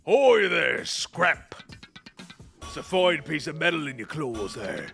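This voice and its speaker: Game NPC: gruff old blacksmith crab, voiced by a man, deep and folksy, music underneath. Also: big pitch swings, slow, a bit bright, heavily acted.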